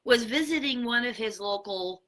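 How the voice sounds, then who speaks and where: A woman's voice: fairly high pitch, expressive, moderate pace, sharp tone. A woman giving a motivational talk about the power of words, speaking emphatically and shifting her tone for effect.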